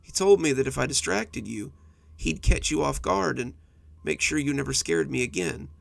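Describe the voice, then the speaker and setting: A jittery little monster from under the bed, voiced by a man. He has a high, childlike voice that wavers between bluster and fear, with a rough gravelly grain. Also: lively intonation, moderate pace, no room sound, heavily acted. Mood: pleading. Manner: fearful, pleading, blustering.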